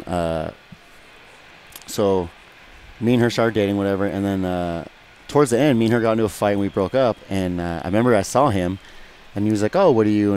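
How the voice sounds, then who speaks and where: Deep fast-talking man telling a story. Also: a little mellow, a little hiss or hum. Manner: profane, rambling, acts out quotes. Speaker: guest fighter. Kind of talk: casual storytelling.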